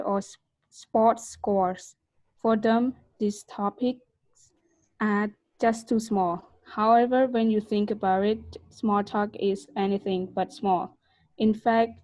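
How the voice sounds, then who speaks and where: A woman's voice: medium pitch, dark tone, dry recording, poor audio. A woman student reading a text aloud carefully during an online English class. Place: video call.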